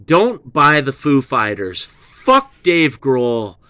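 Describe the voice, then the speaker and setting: Profane, excitable male show host. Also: medium pitch, takes it slowly, clean tone, no room sound. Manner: profane, excitable, drops into British slang. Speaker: host of a music commentary show. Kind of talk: rambling album review rant.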